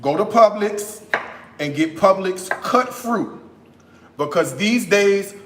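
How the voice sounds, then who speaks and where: Sassy American male cooking host, chatty and bouncy in pitch, roomy echo. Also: background noise. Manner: sassy and animated, tags lines with "okay?". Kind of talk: casual live-stream chat while cooking.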